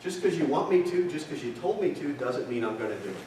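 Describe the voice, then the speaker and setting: A man's voice: a little high, expressive, quick pace, a little mellow, slight background noise. Man lecturing in an echoey hall. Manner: fires rhetorical questions at the audience. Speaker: seminar presenter. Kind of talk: marketing seminar lecture. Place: hotel conference room. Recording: echoey hall, distant mic, audience present.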